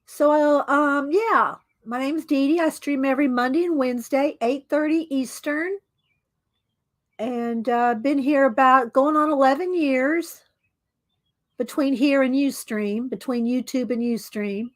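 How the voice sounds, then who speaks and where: A high-voiced, middle-aged woman chats through a live art stream. She drawls slow greetings to viewers one by one and laughs easily between her words.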